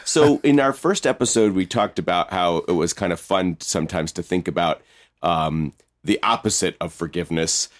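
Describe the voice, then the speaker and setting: A man co-hosting a casual talk about music, speaking thoughtfully with fillers and soft laughs. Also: sits low, normal speed. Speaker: podcast co-host. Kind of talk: casual chat.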